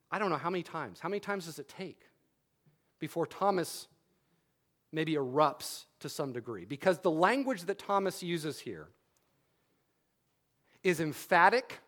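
A man's voice: fairly high pitch, lively intonation, unhurried, long pauses, a bit bright. A man preaching a sermon, repeating key phrases for emphasis and adding wry humorous asides.

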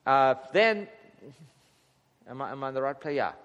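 A man's voice: mid-range voice, animated, moderate pace, a bit bright, clean tone, highs cut off. A man teaching a casual Bible study to a small group, chuckling often and acting out the prayers he quotes. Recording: long hall reverb.

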